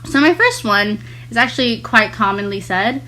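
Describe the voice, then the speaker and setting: A teenage girl, a student guest, explaining public speaking mistakes in a measured way. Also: on the high side, lively intonation, pushed and bright, slight background noise, rough recording. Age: teens.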